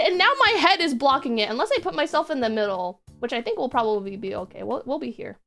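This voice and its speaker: Young woman, high lively voice, giggly and rambling, bright tone, faint music underneath. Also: fast talker, hardly any pauses. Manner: giggly, rambling, self-deprecating. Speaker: streamer. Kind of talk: casual stream chat.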